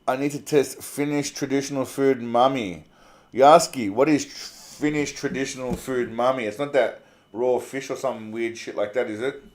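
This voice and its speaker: A man's voice: medium pitch, steady tone, normal speed. An Australian man hosting a casual livestream, reading viewer comments aloud in a laid-back, chatty way, swearing freely and calling people mate. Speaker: livestream host.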